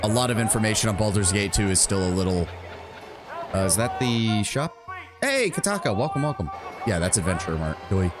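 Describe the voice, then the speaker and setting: A man's voice: fairly low pitch, brisk, music in the background. A man streaming a game, talking through it in a rambling, profane, self-mocking way. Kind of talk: live game commentary.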